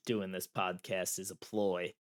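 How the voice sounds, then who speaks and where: Joking man co-hosting a casual chat. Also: low voice. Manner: joking, playfully stubborn. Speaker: podcast co-host. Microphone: remote call mic.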